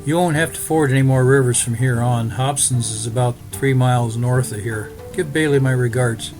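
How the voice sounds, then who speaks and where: A man's voice: medium pitch, steady tone, normal speed, music in the background, close to an everyday voice. A man voicing a friendly young frontier farmer's son who speaks in a plain, folksy way.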